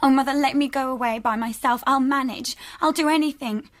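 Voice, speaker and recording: An actress playing a bitter, rebellious young daughter in a radio drama, sarcastic and tearful by turns. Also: female voice, high voice, brisk, natural voice. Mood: desperate. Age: young adult.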